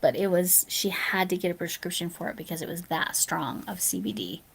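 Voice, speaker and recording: Chatty woman with a gravelly voice. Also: fairly low pitch, fairly quick. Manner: chatty, answers viewer comments aloud, drifts into soft near-whispers. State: sleepy, yawning. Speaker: live streamer. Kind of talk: casual livestream chat with viewers.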